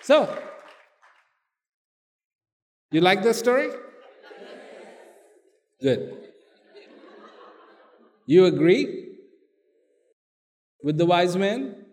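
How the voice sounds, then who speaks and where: A man preaching, telling a story and asking the audience animated questions, in a hall with long reverb. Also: high-pitched, very slow, pauses often, some chatter behind. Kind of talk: sermon storytelling.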